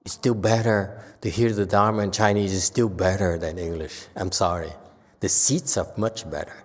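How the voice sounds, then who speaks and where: A man giving an informal Buddhist dharma lecture, talking conversationally with animated bursts and frequent restarts. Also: sits low, moderate pace. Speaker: Buddhist teacher. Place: temple lecture hall. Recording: long hall reverb.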